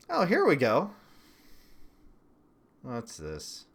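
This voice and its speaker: A man's voice: fairly low pitch, animated, a little slow, a bit bright. A young man doing casual livestream political commentary: sarcastic, profane, and laughing often.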